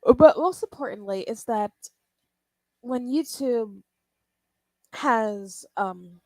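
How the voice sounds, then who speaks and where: A young woman chats to her stream as she draws, rambling from one thought to the next and swearing freely. She talks at an unhurried, drawn-out pace. Her voice sounds close and dry, with no room echo. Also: fairly high pitch, expressive, mellow. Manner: chatty and rambling, swears and laughs often. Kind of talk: casual livestream chat while drawing.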